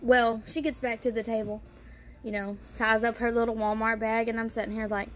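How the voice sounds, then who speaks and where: A woman's voice: on the high side, flat delivery, fairly quick, slight background noise. Blunt, cussing woman vlogger. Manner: blunt, swears freely, lots of "you know" fillers. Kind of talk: casual storytelling vlog.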